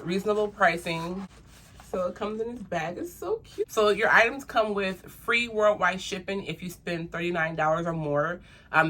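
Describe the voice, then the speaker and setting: A young woman vlogger reviewing jewelry in a casual unboxing, gushing and excitable, talking straight to her viewers. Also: fairly low pitch. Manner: gushing, excitable, addresses viewers as "you guys".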